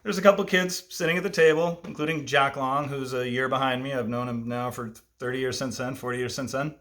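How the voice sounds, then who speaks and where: A man in his fifties telling a personal childhood story, lively and self-amused, with asides to the listener. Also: medium pitch, a little fast. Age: 50s.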